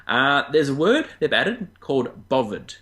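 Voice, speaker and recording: A man with an Australian accent, co-hosting a casual weird-news podcast and chatting in a lively, joking way. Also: unhurried. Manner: chatty, jumps up in pitch for jokes. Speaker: co-host.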